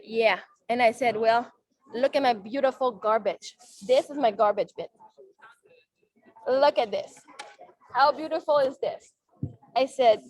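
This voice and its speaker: Woman podcast host, native French speaker, high voice, casual live chat. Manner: chatty and animated, retelling conversations in quick asides. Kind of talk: casual monologue to a live audience. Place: event salon.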